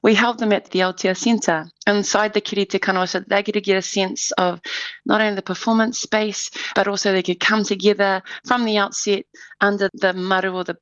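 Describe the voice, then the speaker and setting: A woman's voice: mid-range voice, little pitch movement, moderate pace, fairly bright tone, no room sound. A woman, an artistic director being interviewed on radio, talking with enthusiasm and frequent restarts. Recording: slightly muffled dry studio mic.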